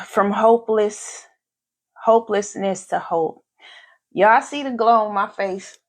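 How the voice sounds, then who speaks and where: A woman's voice: mid-range voice, slow pace, pauses often. A woman hosting a live podcast in casual chat, effusive and grateful, who repeats phrases for emphasis. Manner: grateful, faith-filled. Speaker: podcast host. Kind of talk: casual live-stream talk.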